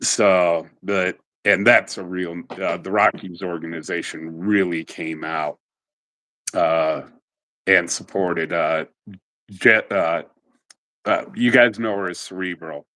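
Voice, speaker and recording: A middle-aged man being interviewed, telling animated stories in a casual way and quick to laugh. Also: sits low. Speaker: interview guest.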